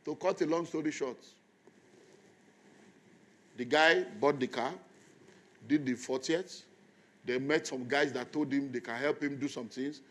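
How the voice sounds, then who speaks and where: A man's voice: medium pitch, unhurried, long pauses. A middle-aged man with a Nigerian accent, preaching a sermon and telling a story to a congregation. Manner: storytelling, tells the audience to repeat lines to their neighbours.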